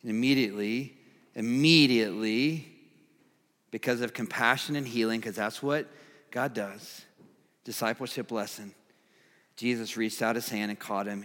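A man preaching a sermon, reading scripture and acting out its voices, swinging between emphatic highs and quiet, earnest lows. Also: fairly even intonation, moderate pace, pauses often, big-room sound.

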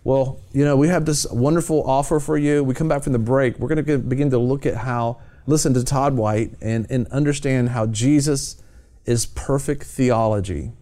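A man's voice: mid-range voice, normal speed, dark tone. A man hosting a Christian television program, talking about faith in a fervent, exhorting preacher's cadence. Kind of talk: evangelistic TV talk.

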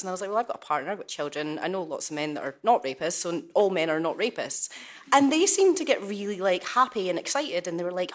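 A woman's voice: mid-range voice, expressive, fast. A woman on a panel, a law student, telling her own story in a chatty, colloquial way with many fillers over a remote call.

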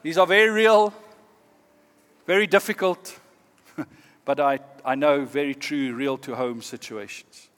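A pastor giving a sermon in an earnest, measured way, often dropping to a quiet, emphatic tone. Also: male voice, a little high, in a large hall.

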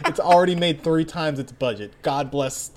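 A young man co-hosting a casual podcast chat, excitable, laughing often and filling his speech with "like". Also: a little high, moderate pace. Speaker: podcast co-host.

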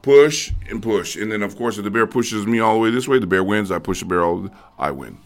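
Animated man telling a wild story. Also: fairly low pitch. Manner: excitable, halting, acts out voices and sounds. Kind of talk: animated storytelling in casual chat.

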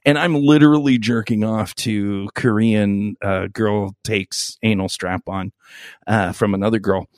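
A man's voice: fairly low pitch, steady tone, unhurried, dry recording, studio quality. Rambling, foul-mouthed male podcast host. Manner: rambling, profane storytelling with lots of fillers. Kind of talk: crude casual podcast banter.

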